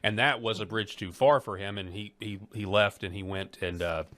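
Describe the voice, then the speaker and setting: A man interviewing a guest in a casual, halting way, often repeating words and using fillers. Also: lowish voice, fairly even intonation, noisy background. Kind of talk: conversational interview.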